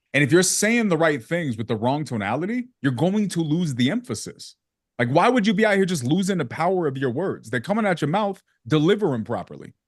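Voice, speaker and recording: A man's voice: on the high side, no room sound, clean studio sound. A man giving direct sales-call feedback in a casual coaching session, using slang and acting out examples. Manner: casual slang, calls people bro.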